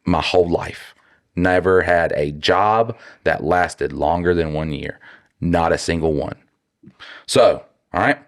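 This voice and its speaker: A very deep-voiced man with a drawl, co-hosting a casual podcast. He rambles, restarts his sentences and swears freely. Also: slow pace. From North Carolina. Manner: blunt and profane, rambling with restarts. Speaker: podcast co-host.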